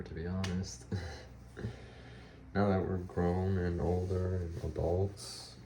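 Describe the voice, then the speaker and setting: A young man giving a rambling, halting life update for his vlog, with frequent restarts. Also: low voice, warm tone, echoey room, slight background noise. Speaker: vlogger.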